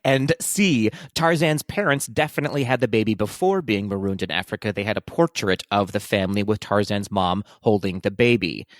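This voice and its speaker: A man co-hosting a casual podcast, playful and quick to laugh as he reads listener mail. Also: on the low side, no echo, clean studio sound. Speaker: podcast co-host.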